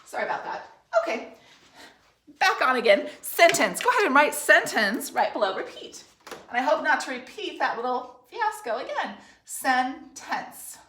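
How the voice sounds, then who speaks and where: A woman teaching third graders a spelling lesson, dictating words slowly and clearly in an encouraging way. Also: high voice, very animated, pushed and bright, slight background noise. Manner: slow, clear, encouraging classroom delivery. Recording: roomy echo.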